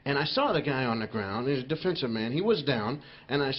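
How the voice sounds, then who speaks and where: A man telling stand-up stories live in a rambling, animated way, full of "you know". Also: medium pitch, a little fast. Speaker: stand-up comedian. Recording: dull live album with crowd laughter. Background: audience laughter.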